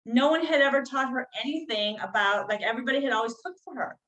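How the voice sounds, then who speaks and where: A woman's voice: high voice, quick pace, a bit bright, reverberant, poor audio. A woman, a healer guest on a podcast, telling a personal story in a casual, chatty way with many "like" and "you know" fillers.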